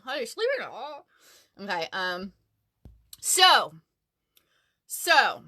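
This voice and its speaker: A woman's voice: a little high, sharp tone. A woman chatting on a casual livestream from her closet, bubbly and talkative, greeting viewers by name. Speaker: livestream host. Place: closet at home.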